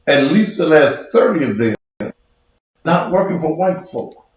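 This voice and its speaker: Combative male preacher-host, high lively voice, cussing rant in a very echoey room. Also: measured pace, muffled recording. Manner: profane, combative, mocking. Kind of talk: heated livestream rant.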